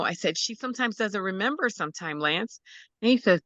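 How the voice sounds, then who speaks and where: A woman's voice: medium pitch, lively intonation, a little fast, a bit bright, no echo, muffled recording. A woman telling an emotional personal story as a guest parent, acting out quotes and laughing often. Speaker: guest, parent of an autistic son.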